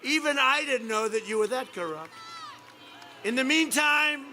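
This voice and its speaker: A man in his seventies giving a campaign rally speech, boastful and repetitive, swinging from quiet asides to loud attacks. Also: extremely high pitch, expressive, measured pace, some chatter behind. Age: 70s. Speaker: rally speaker. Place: outdoor rally stage. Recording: faint background noise at an outdoor rally.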